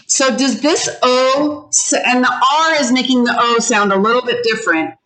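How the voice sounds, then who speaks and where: A woman teaching pronunciation over a video call, stretching each word out so learners can repeat it. Her voice is bright and clear, and she speaks at an unhurried, deliberate pace throughout. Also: a little high, low-quality recording. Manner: slow, drawn-out modelling of words for learners to repeat. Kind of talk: online pronunciation lesson.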